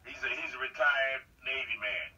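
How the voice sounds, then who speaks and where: A voice actor being interviewed who tells stories in casual chat and acts out other people's voices. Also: male voice, mid-range voice, moderate pace, bright, forceful tone. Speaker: voice actor guest. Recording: distant muffled call audio.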